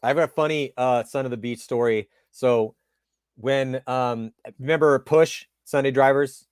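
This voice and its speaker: A male host of an interview show, chatting casually and telling a lively story in which he acts out the dialogue. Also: mid-range voice, a little slow, smooth, no echo, studio quality. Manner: animated storyteller acting out dialogue.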